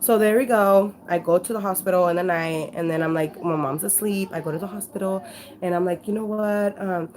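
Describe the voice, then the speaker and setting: Brief: woman vlogger, slightly low voice, rambling casual storytelling to a handheld camera, peppered with "you know" and swearing. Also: a little fast, a little mellow. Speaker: vlogger sharing her life story. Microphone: handheld camera at arm's length.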